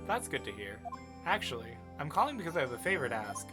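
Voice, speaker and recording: A streamer reading the lines of a calm, caring lawyer and older sister in a near-natural voice. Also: medium pitch, fast talker, close to an everyday voice. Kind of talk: reading game dialogue aloud. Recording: game music underneath.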